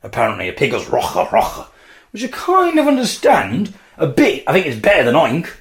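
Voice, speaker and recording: A man's voice: on the high side, wildly swooping pitch, fairly quick, a bit bright. A man hosting a podcast alone, musing in a wry, playful way and acting out mock debates. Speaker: podcast host. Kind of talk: solo comic musing.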